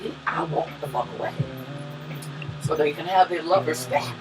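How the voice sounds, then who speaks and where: A woman co-hosting a podcast, telling a profane, animated story that swings between loud and hushed. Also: deep voice, measured pace, pauses often. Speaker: podcast co-host. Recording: distant mic with music behind.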